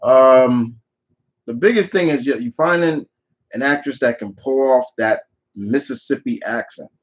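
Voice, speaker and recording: A man answers viewer questions on a live stream, chatty and opinionated. He circles back and restarts his sentences as he talks things through. His mid-pitched voice comes through slightly muffled, lo-fi audio. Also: measured pace. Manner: opinionated, rambling with frequent restarts. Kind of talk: live Q&A chat.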